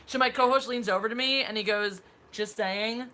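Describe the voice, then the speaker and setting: A woman co-hosting a casual live stream chat, telling stories in an animated way and laughing often. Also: a little high, fast talker.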